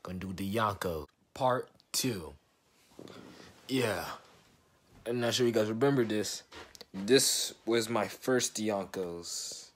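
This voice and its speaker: A man's voice: fairly low pitch, takes it slowly, long pauses. A young man vlogging casually from his bedroom about customizing sneakers, rambling and laid-back, sounding sick with a cold. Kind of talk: casual chat to camera.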